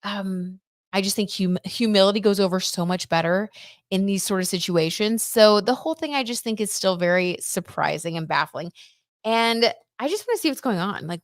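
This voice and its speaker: A woman's voice: medium pitch, dry recording, clean studio sound. A woman hosting a casual tarot livestream, chatting loosely and reading viewer comments aloud. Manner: chatty, reads viewer comments aloud, frequent "like" and "I don't know". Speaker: tarot reader and livestream host.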